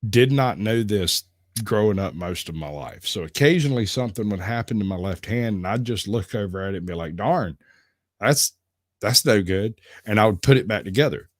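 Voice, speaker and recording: A man's voice: fairly low pitch, animated, moderate pace, no room sound, studio quality. A man hosting a livestream, telling rambling stories and giggling often as he goes. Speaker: livestream host. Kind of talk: casual storytelling chat.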